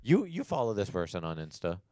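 A young man chatting casually as a podcast co-host, telling animated stories with lots of fillers. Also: low voice, fairly quick, no echo. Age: young adult. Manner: animated storytelling with many fillers. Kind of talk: casual chat.

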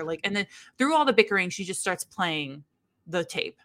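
A woman's voice: mid-range voice, measured pace. A young woman co-hosting a podcast, telling a book's story in casual chat and acting out the quotes. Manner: animated storyteller, acts out quotes. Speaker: podcast co-host recapping a book.

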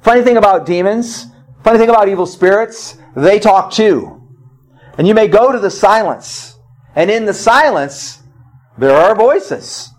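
A man preaching a sermon as pastor, swinging from loud emphatic cries to low quiet asides. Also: lively intonation, a little slow.

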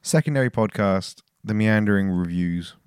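A man hosting a podcast in casual chat, teasing his co-host and wrapping up briskly. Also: on the low side, a little mellow, clean tone, no echo. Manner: teasing, wraps things up briskly.

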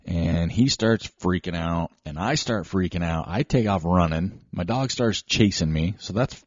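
A man hosting a show, telling a casual, rambling, self-deprecating story with animated asides. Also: deep voice, measured pace, slightly rough, dry recording. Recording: slightly dull lo-fi recording.

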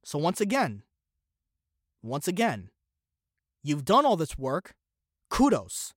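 A man's voice: fairly high pitch, huge pitch swings, takes it slowly, no echo, clean studio sound. Sarcastic, opinionated male podcast host. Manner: opinionated, fires off rhetorical questions. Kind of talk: solo commentary podcast.

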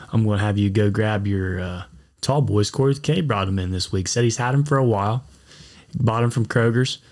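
A fairly low-voiced man hosts a laid-back podcast, rambling through stories and breaking into laughs along the way. He talks like he's chatting with friends at a table. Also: a little mellow. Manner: rambling storyteller, laughs often. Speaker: podcast host. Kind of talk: casual chat.

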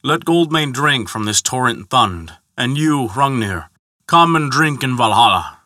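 A man's voice: medium pitch, animated, unhurried, sharp tone, no echo, clean studio sound. A man voicing a cunning, commanding old male god who speaks tersely and mockingly.

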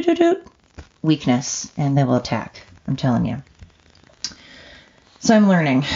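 A middle-aged woman from the Oregon coast hosts a solo podcast and rambles on in easy, self-mocking chat. Her voice sits low with a gravelly edge. The recording is dull and lo-fi. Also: a little mellow. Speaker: podcast host.

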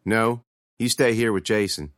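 A man voicing Lee, a steady, protective teenage older brother who gives orders in drawling country speech, in a horror storybook reading. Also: on the low side, normal speed, dry recording, clean studio sound, lightly acted. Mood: calm, commanding.

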